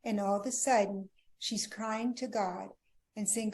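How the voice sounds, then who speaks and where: A middle-aged woman, a marriage coach, telling her personal story earnestly in an interview, often dropping to a hushed tone. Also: medium pitch, steady tone, measured pace. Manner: earnest, emotional, drops to a hushed voice at tender moments.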